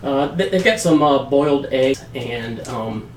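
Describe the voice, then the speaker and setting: A man narrating as game master in a casual tabletop session, with relaxed, halting narration full of fillers. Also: medium pitch, echoey room, distant mic, a little hiss or hum.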